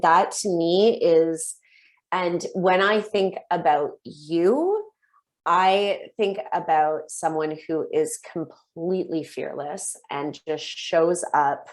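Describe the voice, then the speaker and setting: A woman guest on a podcast, a coach speaking earnestly and warmly over a video call, with casual swearing. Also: sits low. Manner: earnest, heartfelt, casually profane. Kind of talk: casual interview chat.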